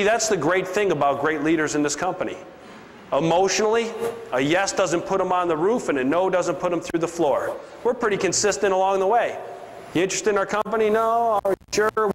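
A man giving a punchy, preachy motivational seminar speech to a sales crowd. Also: slight background noise. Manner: preachy, punchy, drops into a low voice for emphasis. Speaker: business speaker. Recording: long hall reverb, faint ambience.

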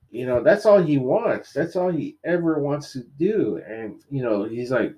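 Animated man recapping a comic story. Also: mid-range voice, moderate pace, hardly any pauses, lo-fi sound. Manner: animated storyteller, quoting characters, many fillers. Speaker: podcast co-host. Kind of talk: casual chat recapping a comic.

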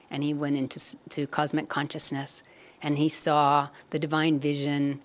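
A woman telling a spiritual story in an unhurried, measured way. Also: sits low.

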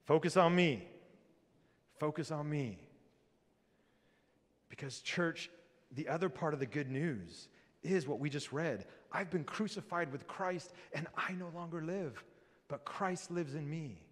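A male pastor preaching a sermon with lively delivery, rising loud and dropping to a hush. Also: on the high side, measured pace, husky. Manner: lively preaching, swings between loud and hushed. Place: church sanctuary. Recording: long reverb of a church hall.

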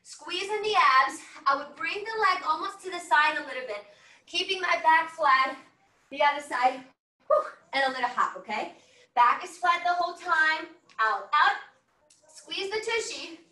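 Coaching an online workout while exercising herself, a female fitness instructor speaks at normal speed in a very high-pitched, expressive voice that sounds pushed and bright. She whoops and cheers upbeat encouragement, a little winded. The audio comes from a laptop mic on a video call, set at a distance, so it sounds roomy.

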